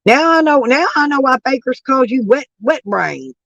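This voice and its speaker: A woman's voice: high-pitched, sing-song, normal speed, vocal fry, a bit bright, no room sound, muffled recording. A brash, profane woman hosting a livestream, arguing with her chat while her voice is worn down by allergies. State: voice lowered and rough from allergies. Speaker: livestream host reading chat. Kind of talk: casual livestream rant.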